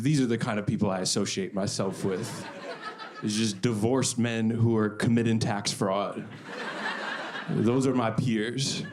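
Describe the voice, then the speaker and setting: A man doing a stand-up set on a club stage, deadpan and self-deprecating, repeating lines for effect. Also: on the low side. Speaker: stand-up comedian. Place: comedy club stage before a live audience. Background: audience laughter.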